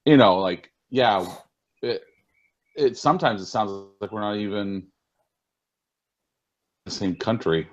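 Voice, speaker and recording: Low-voiced Californian man, muffled. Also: a little slow, long pauses. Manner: teasing, easygoing, rambling. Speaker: podcast guest. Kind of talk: casual chat.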